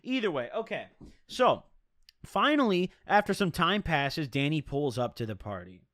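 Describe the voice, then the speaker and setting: A man's voice: on the high side, big pitch swings, normal speed, a bit bright, dry recording, clean studio sound. A young man telling a rambling, profane story to his viewers in casual slang.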